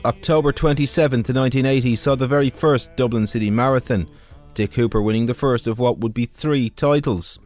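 A man presenting a radio documentary, narrating from a script in a steady, measured way. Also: medium pitch. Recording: dry studio voice over faint music.

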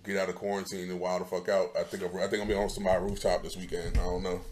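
A man with a fairly low voice hosts a podcast in loose, joking chat. He talks laid-back and slangy, riffing with his co-hosts before signing off. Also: little pitch movement, racing, crowd noise. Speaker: podcast host. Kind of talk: casual chat.

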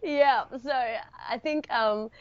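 A woman's voice: high-pitched, slow, clear, resonant tone, no echo, muffled recording. A middle-aged woman, a podcast guest, telling an emotional story, tearful at moments and laughing through her words.

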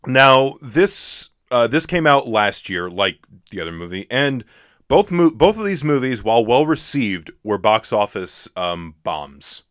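Bright-voiced man, casual podcast chat. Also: mid-range voice, big pitch swings, a little slow, dry recording, clean studio sound. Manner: hesitant, many fillers and restarts. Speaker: podcast co-host.

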